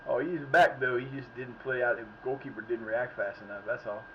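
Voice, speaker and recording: This clip has a medium-pitched man speaking fairly quickly with fairly even intonation as he streams a soccer game and rambles casually to himself, reacting to plays. Faint background noise comes through on a slightly muffled recording.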